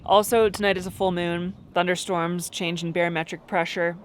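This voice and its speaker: A woman's voice: lowish voice, level tone, normal speed, a little hiss or hum. A pregnant woman chatting casually for a vlog outdoors at a building site, laughing often. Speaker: vlogger.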